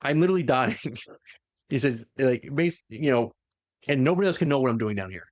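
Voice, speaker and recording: A man's voice: mid-range voice, lively intonation, normal speed, a little mellow, no echo. A young man co-hosting a podcast, casually retelling a story and acting out the quoted lines in funny voices. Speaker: podcast co-host.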